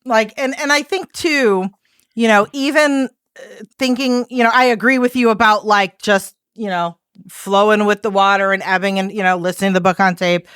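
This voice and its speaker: A woman's voice: mid-range voice, normal speed, clear, resonant tone, dry recording, clean studio sound. A woman in casual podcast conversation, talking animatedly with lots of fillers and blunt swearing. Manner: animated, profane, full of fillers.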